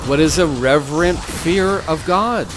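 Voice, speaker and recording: Slow, preachy gaming host man. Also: a little high, noisy background. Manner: unhurried, repeats phrases like a preacher. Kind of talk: gameplay commentary mixed with preaching.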